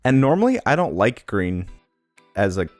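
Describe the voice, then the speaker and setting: A man hosting a casual talk show, relaxed and rambling with lots of fillers. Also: on the low side, moderate pace, no echo, soft background music. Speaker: podcast host.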